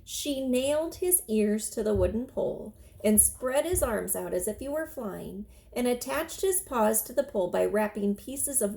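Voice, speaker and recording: A woman teacher reading a children's chapter book aloud in an expressive, steady storytelling manner. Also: mid-range voice, creaky, rough recording.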